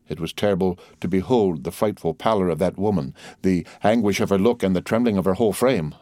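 A man narrating an audiobook of a classic novel in a measured, steady way. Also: sits low, no echo, studio quality.

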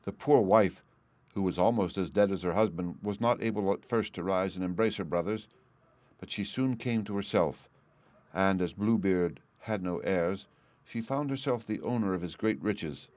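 A man reading a fairy tale aloud as an audiobook narrator, in a measured, even delivery. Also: low voice, no room sound. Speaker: audiobook reader. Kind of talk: storybook narration.

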